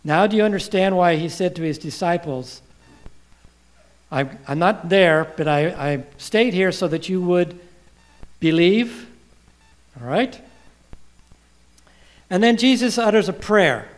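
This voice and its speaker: A man preaching a sermon, quoting scripture and asking the congregation questions. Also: high-pitched. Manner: asks the congregation questions and pauses for replies; quotes scripture with rising emphasis.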